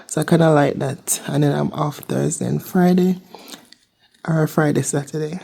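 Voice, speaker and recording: A woman's voice: sits low, steady tone, normal speed, vocal fry, warm tone, breathy edge. A young woman with a Jamaican accent chatting casually in a vlog from her home kitchen, rambling and repeating herself. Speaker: vlogger, seasonal worker.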